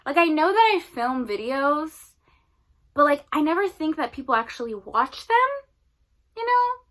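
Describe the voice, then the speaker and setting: A young woman talks to her viewers in a loose, rambling vlog chat, full of fillers. Her voice is bright and sits a little high. She turns emotional and close to tears at times, but keeps talking. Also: very animated, normal speed. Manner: rambling, filler-heavy, 'like' often. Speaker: book vlogger.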